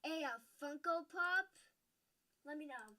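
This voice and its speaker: High-voiced woman, quiet and halting, bright tone. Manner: soft-spoken, halting, explains as she goes. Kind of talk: casual chat.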